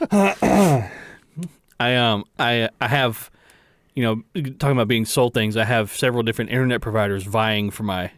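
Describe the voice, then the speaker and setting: A man's voice: medium pitch, normal speed, long pauses, dry recording, clean studio sound. A man co-hosting a podcast in casual chat, who laughs often, swears and rambles. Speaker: podcast co-host.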